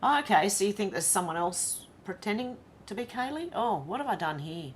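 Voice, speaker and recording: A woman's voice: mid-range voice, lively intonation, brisk, a little hiss or hum. A woman with an Australian accent, hosting a casual live-stream commentary, blunt and chatty as she greets viewers by name. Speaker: commentary channel host.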